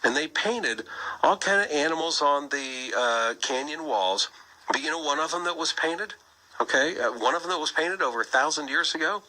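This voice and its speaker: Bright-voiced man arguing on talk radio. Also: a little high, normal speed, low-quality recording. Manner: energetic, persuasive, asks rhetorical questions. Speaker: radio talk show host. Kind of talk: Christian apologetics talk.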